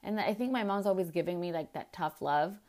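A woman's voice: fairly low pitch, fairly quick, a little mellow. Chatty woman telling a story. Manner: chatty, laughing, mixes Spanish words into English. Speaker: podcast host, health coach. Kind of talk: casual storytelling.

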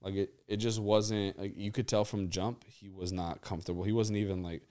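A man's voice: on the low side, flat delivery, fairly quick, a little mellow. A man in his twenties, casual and profane, joking and rambling on a sports chat show. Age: 20s. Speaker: podcast co-host.

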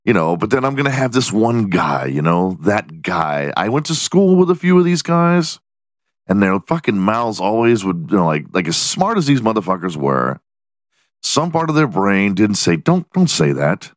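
A man with a very low voice hosts his podcast alone, rambling casually and swearing freely. He laughs at his own jokes, and the sound is dry and close with no room around it. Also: sing-song, normal speed, no room sound. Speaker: podcast host. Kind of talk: casual solo podcast monologue.

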